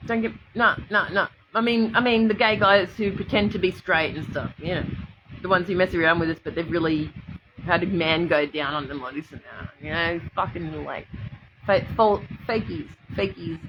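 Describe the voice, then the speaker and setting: An Australian woman with a fairly low voice and fairly even intonation speaks at normal speed over a noisy background in lo-fi audio. She rambles on a livestream, emotional and freely swearing, replying to commenters as she addresses her viewers.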